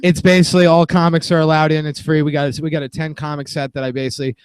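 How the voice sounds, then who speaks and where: A man's voice: on the high side, little pitch movement, fast, clear, resonant tone, no room sound. A man, a comedian and show promoter, telling loose, laughing stories in casual podcast banter.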